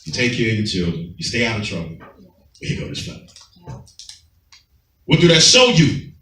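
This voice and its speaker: A man's voice: medium pitch, big pitch swings, fast, sharp tone, a little hiss or hum. A man teaching a Sabbath class, preaching emphatically in a streetwise way and often asking his listeners if they follow. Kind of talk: preaching scripture commentary. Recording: roomy, far from the mic.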